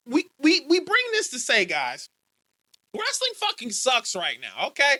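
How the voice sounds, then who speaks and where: A woman's voice: high-pitched, wildly swooping pitch, measured pace, long pauses, sharp tone. A woman co-hosting a wrestling podcast, talking bluntly and animatedly and swearing freely. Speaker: podcast co-host. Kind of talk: casual chat.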